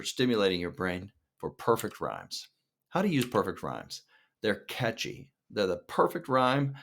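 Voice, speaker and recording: A man's voice: medium pitch, a bit bright. A man teaching a songwriting lesson as a screen-share tutorial, explaining step by step and checking in with the listener. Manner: upbeat, explanatory, checks in with "okay?".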